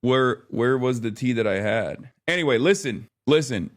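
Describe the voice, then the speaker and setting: A man's voice: mid-range voice, expressive, normal speed. A man in his thirties chatting casually on a live stream, rambling, often exasperated, swearing now and then.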